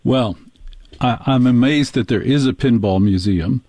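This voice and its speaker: A man's voice: medium pitch, a little slow, dark tone, no room sound. Wry joking man from New Jersey. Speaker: radio show host. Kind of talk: casual radio chat, comic storytelling.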